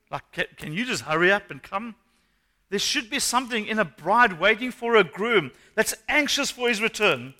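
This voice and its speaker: A male pastor preaching a sermon, animated and asking the congregation questions. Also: sits high, a little fast. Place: church hall. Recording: long hall reverb.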